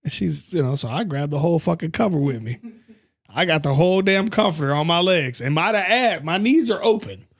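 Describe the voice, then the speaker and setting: A man hosting a casual chat, telling a story in an animated, profane, emphatic way. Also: fairly high pitch, brisk. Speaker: podcast host.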